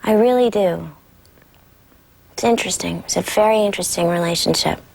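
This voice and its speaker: Husky woman recalling her childhood on set. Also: lowish voice, brisk. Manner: soft, reflective, earnest. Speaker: former child actress. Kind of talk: reflective interview.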